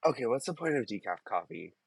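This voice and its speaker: A young man co-hosting a podcast, chatting casually in an unhurried, wry way that drifts into tangents. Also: medium pitch, sing-song, vocal fry, slightly rough, no room sound. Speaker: podcast co-host. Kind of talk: casual chat.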